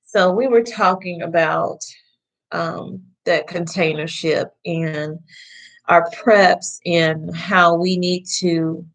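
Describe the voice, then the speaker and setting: A woman in her forties hosting a casual livestream, talking directly to her viewers with many pauses and fillers. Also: lowish voice, fairly even intonation, creaky, fairly bright tone, rough recording. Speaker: livestream host.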